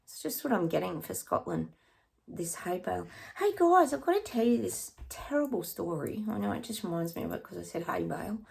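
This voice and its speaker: A woman's voice: on the low side, very animated, a little fast, gravelly, a little mellow. A woman psychic chatting through her predictions in a rambling, casual way, sometimes dropping to a near-whisper.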